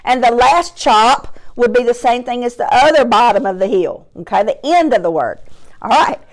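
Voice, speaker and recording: This phonics teacher has a slightly high voice with lively intonation. She encourages young children as she splits words into slow, distinct sounds.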